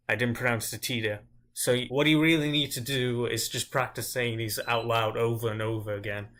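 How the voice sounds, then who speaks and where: A man teaching grammar as a language teacher, explaining step by step and slowing down to drill each example word. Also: mid-range voice, fairly bright tone. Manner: slow, deliberate drilling of example words.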